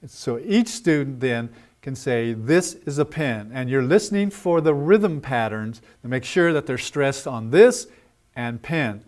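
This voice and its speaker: A man's voice: medium pitch, lively intonation, darkish tone. Man coaching teachers through vocabulary drills. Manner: slow, deliberate modeling of drill phrases; loose and conversational, with "uh" fillers. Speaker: language teacher trainer. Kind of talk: instructional talk to teachers.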